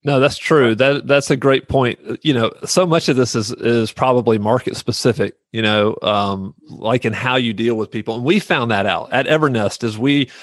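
A man's voice: mid-range voice, normal speed, few pauses, no echo. A man hosting a business podcast interview, affirming his guest and asking long questions. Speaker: podcast host. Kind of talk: conversational interview.

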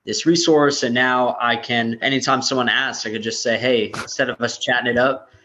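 Flat-voiced man praising his team. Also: medium pitch, a little fast, highs cut off. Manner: enthusiastic, full of praise. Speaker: company leader, podcast co-host. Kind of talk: casual podcast chat.

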